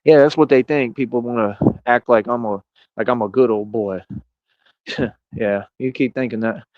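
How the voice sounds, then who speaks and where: A man's voice: medium pitch, steady tone, normal speed, no room sound. A man in his thirties ranting boastfully and confrontationally in a rambling livestream monologue. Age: 30s. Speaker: streamer. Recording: dull lo-fi dry sound.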